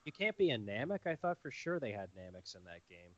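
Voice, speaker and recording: A man's voice: lowish voice, sing-song, brisk, dry recording, muffled recording. A Canadian man co-hosting a podcast, blunt in casual chat, swearing and trailing off mid-thought. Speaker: podcast co-host.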